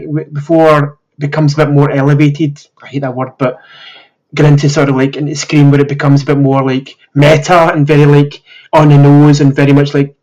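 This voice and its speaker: A man hosts a casual podcast chat, his voice a little hoarse as he recovers from illness. He rambles enthusiastically, padding his sentences with filler words, and his pitch sits a touch above the average man's. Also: a little mellow, rough recording. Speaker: podcast host.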